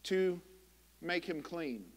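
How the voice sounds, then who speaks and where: A man preaching a sermon as pastor, impassioned and emphatic, with dramatic pauses. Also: fairly high pitch, expressive, big-room sound. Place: church sanctuary.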